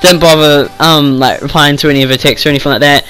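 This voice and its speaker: A man's voice: a little high, fairly even intonation, quick pace, bright, forceful tone, poor audio. A teenage boy telling a rambling story in casual chat, swearing often and filling with "like". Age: teens. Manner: rambling, swears freely, lots of "like". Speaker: vlogger.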